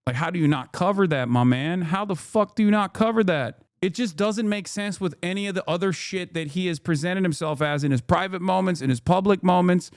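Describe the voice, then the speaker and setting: A man streaming casual commentary, incredulous and profane, with frequent loud exasperated outbursts. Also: high-pitched, a little fast, hardly any pauses, dry recording, clean studio sound. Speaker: streamer reacting to news.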